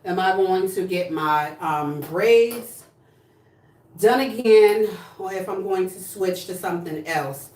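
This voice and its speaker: Blunt, sassy woman livestreaming, mid-pitched, standing back from the mic in an echoey room. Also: takes it slowly, a little mellow, far from the mic. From New Jersey. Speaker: livestream host. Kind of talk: casual livestream chat. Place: home room, indoors.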